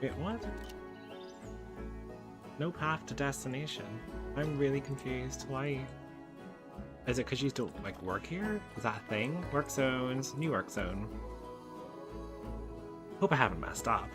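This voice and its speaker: A man talks his way through a building game, narrating every click and cooing at the animals. His voice sits in a middle range. Game music plays clearly behind him. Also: mid-range voice, expressive, measured pace, pauses often. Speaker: gaming YouTuber. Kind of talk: casual game commentary. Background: game background music.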